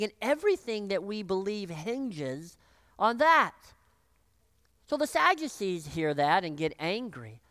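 A pastor preaching a sermon, acting out the voices of the people in the story, choked up and clearing their throat. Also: medium pitch, a little slow, dry recording, clean studio sound. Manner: animated, acts out voices of biblical figures.

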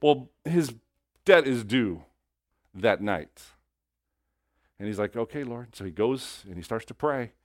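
An animated male preacher tells a story from the pulpit. His pitch moves freely, and his voice swings between hushed and loud. The sound is dry and close. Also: slow, pauses often, no echo. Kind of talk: sermon storytelling.

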